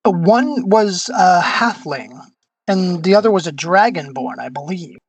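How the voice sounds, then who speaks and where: A player speaking in character in a tabletop game, measured and hesitant with evasive answers. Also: medium pitch, animated, husky, poor audio. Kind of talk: in-character tabletop role-play.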